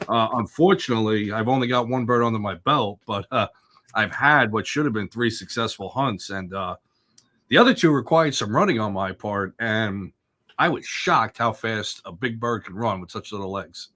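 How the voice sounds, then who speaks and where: A man's voice: on the low side, moderate pace, sharp tone. A man co-hosting a casual podcast chat, easygoing, laughing along and rambling through asides. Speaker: co-host.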